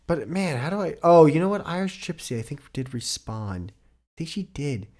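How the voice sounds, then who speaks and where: A man's voice: a little high, sing-song, normal speed, a little mellow. A middle-aged man hosting a solo podcast, rambling casually with a lot of swearing and self-deprecating jokes. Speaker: podcast host.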